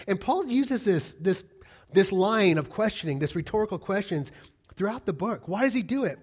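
A man preaching a sermon, animated and full of rhetorical questions, swinging between loud emphatic lines and quiet, low asides. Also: moderate pace, slightly rough. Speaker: pastor.

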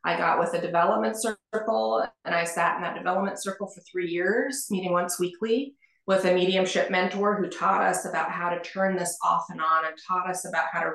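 A middle-aged woman, a guest on an interview, telling her story in a lively way, often laughing and acting out the people she quotes. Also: fairly low pitch, creaky. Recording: roomy echo.

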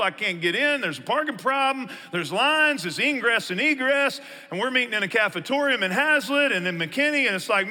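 A man's voice: high voice, lively intonation, brisk, hardly any pauses, bright, forceful tone, in a large hall. A man, a pastor preaching a conversational sermon and acting out his listeners' objections.

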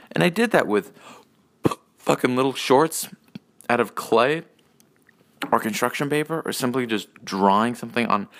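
A young man rambling through a personal rant, swearing often and halting with restarts and fillers. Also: on the low side, fairly bright tone. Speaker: solo podcast host.

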